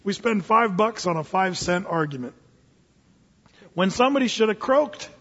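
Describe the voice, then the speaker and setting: Animated high-voiced pastor preaching. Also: male voice, normal speed, slightly rough. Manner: animated, jokey, acts out voices. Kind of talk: sermon. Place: church hall. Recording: echoey hall, dull lo-fi sound.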